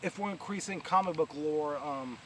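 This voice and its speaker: Man, New York accent, fairly high voice, casual rambling review, filler-heavy, outdoors, loud machinery noise behind. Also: normal speed. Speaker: vlogger. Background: distant heavy machinery and traffic.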